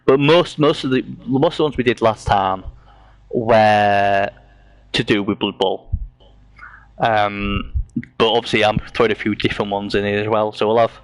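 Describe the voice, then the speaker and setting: A man's voice: on the low side, fairly even intonation, normal speed, dry recording. Joking man hosting a show. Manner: banter, swearing, playful teasing. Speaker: podcast host. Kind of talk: casual chat.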